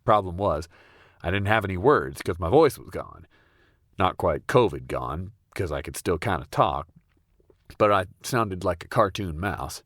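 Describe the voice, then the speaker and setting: Young guy, super deep voice, dry deadpan storytelling, dead dry sound. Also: a little slow, dry recording. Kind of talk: comedic first-person storytelling.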